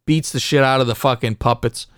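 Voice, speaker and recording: A man co-hosting a podcast, recapping wrestling in casual, profane, animated chat. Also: medium pitch, brisk, clean tone, dry recording, studio quality. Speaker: podcast co-host.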